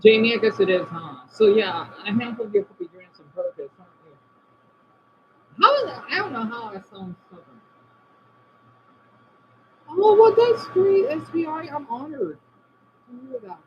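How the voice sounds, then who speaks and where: Male streamer, high and animated voice, casual chat to viewers, dull lo-fi home audio with faint hiss. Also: moderate pace, pauses often. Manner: chatty, answers comments, trails off quietly. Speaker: livestream host reading chat. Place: indoors at home by a window.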